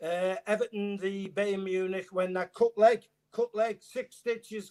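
An older man, a former footballer talking as a guest in casual chat, jokey and animated, often repeating his phrases. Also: sits high, a little slow.

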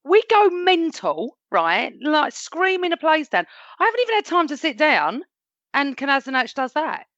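A woman co-host tells football stories with a lively, swooping delivery and frequent laughter. Her voice sits a little high. The audio is dry and dull, like a lo-fi recording. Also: moderate pace, no echo. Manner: animated, laughing storyteller. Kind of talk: casual fan chat.

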